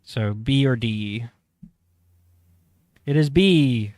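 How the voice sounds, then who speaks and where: A man's voice: mid-range voice, extremely slow, darkish tone. Casual man hosting a podcast quiz. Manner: reads quotes aloud, chatty and self-correcting. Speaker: podcast host running a trivia quiz. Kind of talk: casual chat.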